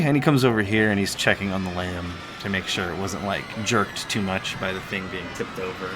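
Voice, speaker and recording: Man, game master, low pitch, bright tone, rambling, faint hiss. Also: steady tone, normal speed. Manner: casual, rambling with fillers. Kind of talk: narrating a tabletop game.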